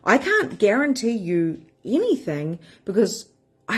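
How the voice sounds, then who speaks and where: Frank, husky-voiced woman coach. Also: medium pitch, measured pace. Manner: frank and animated, with casual swearing. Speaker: spiritual empowerment coach. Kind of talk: casual live-stream talk to members.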